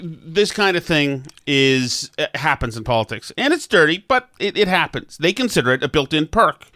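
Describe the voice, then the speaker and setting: A man's voice: on the high side, sing-song, normal speed, bright, forceful tone, no room sound. A man hosting a political talk show, giving blunt, sarcastic commentary with frequent stammered restarts.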